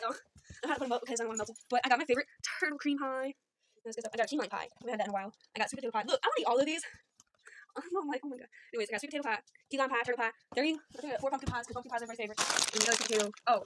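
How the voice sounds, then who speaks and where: A vlogger shows off her shopping haul at home on a phone camera, talking in a casual, rambling way. She's chatty and pokes fun at herself, using a southern "y'all." Her voice runs high, a bit bright and racing, with a little hiss or hum in the recording.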